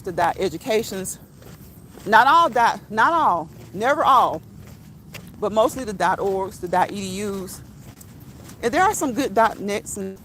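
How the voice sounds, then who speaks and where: A woman's voice: medium pitch, a little hiss or hum. A woman hosting a casual walk-and-talk livestream outdoors on her phone, blunt and repetitive, dropping slang and laughing often. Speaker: channel host.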